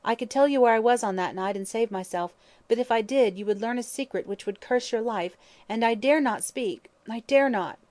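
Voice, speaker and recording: A woman reading an audiobook, voicing a proud young man in prison who speaks gravely and wearily. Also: fairly high pitch, moderate pace, a little mellow, dry recording, voice pushed up, natural voice. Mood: impassioned. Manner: grave, weary, then impassioned.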